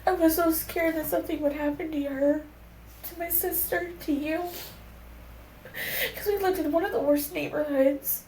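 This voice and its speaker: A woman's voice: high-pitched, steady tone, normal speed, darkish tone. A young woman speaking candidly and rawly, telling a personal story in conversation and swearing casually. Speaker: podcast guest. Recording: echoey room with faint background hum.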